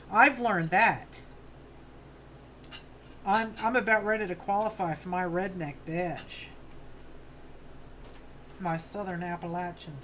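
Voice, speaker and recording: Working on her crafts during a livestream from a farm home studio, a fiftysomething New Yorker keeps up a casual, meandering chat with her audience, full of friendly asides. Her pitch is medium and a touch bright, with faint hiss or hum behind it.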